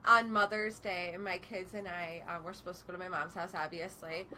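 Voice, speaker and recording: A woman's voice: lowish voice, steady tone, brisk, background noise. A woman in her thirties, a guest on a talk radio show, sharing upbeat stories in casual chat.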